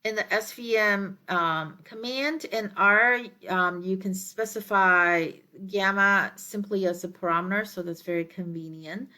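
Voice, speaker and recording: A woman lecturer explaining her slides in a measured way, with frequent ums and uhs as she works through each step. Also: medium pitch, bright, forceful tone.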